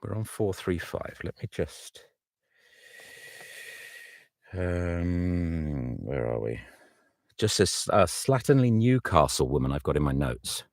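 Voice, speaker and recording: Male audiobook narrator, very deep voice, gravelly, dry booth sound. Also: sing-song, a little slow, no room sound. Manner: muttering thoughts aloud while working. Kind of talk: casual behind-the-scenes commentary.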